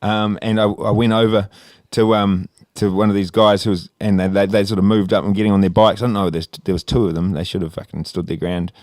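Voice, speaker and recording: A man's voice: lowish voice, little pitch movement, brisk, few pauses, a little mellow, no echo, studio quality. A young Australian man telling a long story in casual podcast chat, rambling, laughing and swearing freely. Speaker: podcast co-host.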